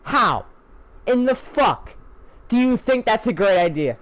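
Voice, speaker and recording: A man's voice: very high voice, animated, slow, pauses often, fairly bright tone, low-quality recording. A young man delivering an angry, profane, sarcastic rant as a channel host.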